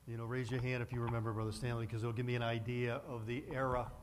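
A man's voice: medium pitch, flat delivery, fast, slight background noise. A man preaching a sermon from a church pulpit, telling a story with lots of fillers and restarts. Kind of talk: sermon with anecdote.

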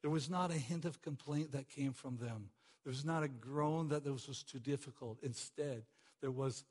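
A man preaching a sermon with passion, repeating phrases for emphasis and swinging between loud exclamations and quiet stress. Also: medium pitch, normal speed, breathy edge. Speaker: pastor.

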